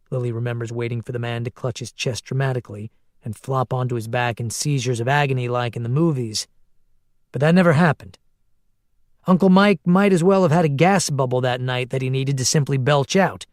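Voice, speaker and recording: A man's voice: medium pitch, a little fast, darkish tone, no room sound. Male audiobook narrator, dry close sound. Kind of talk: scripted narration.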